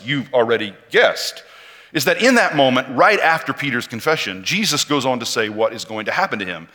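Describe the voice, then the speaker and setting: A man preaching a sermon with a lively, swinging delivery that acts out each quote. His voice is bright and forward. It rings with the long reverb of a large hall. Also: mid-range voice. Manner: animated storytelling with acted quotes.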